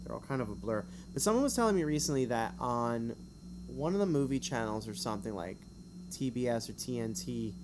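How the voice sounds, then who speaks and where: Reading a gamebook on stream, this man speaks in a mid-range, animated voice with background noise behind him. His delivery is easygoing and chatty, broken up by rambling asides in which he pokes fun at himself.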